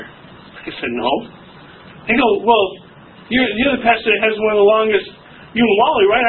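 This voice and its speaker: A male associate pastor teaching a Bible class, animated and joking, putting questions to the class. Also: high voice, a little fast, pauses often. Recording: tinny phone-like sound with faint hiss.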